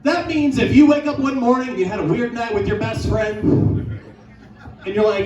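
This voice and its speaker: A man doing a crude stand-up set in a bar lounge, riffing fast and shouting his punchlines. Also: extremely high pitch, expressive, roomy sound, distant mic, lo-fi sound, some chatter behind. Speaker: stand-up comedian.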